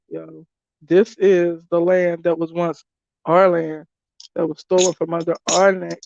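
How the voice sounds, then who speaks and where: A woman's voice: on the low side, flat delivery, measured pace, gravelly, background noise. A woman giving casual spoken commentary as a spiritual reader, blunt, emphatic and freely swearing. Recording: dull lo-fi dry recording.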